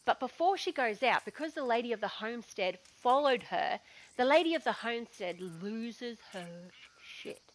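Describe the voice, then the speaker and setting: Aussie lady gamer yarning away, chatty, bit high voice. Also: expressive, normal speed, poor audio. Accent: Australian. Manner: chatty, digressive. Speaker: gaming vlogger. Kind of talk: casual storytelling.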